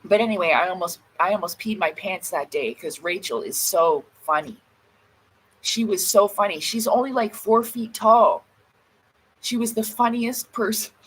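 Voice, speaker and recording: Husky-voiced woman telling a story. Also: medium pitch, moderate pace, low-quality recording. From Canada. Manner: chatty, laughs often, swears and catches herself. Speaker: livestream vlogger. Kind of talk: casual storytelling chat. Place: home, by a door while smoking.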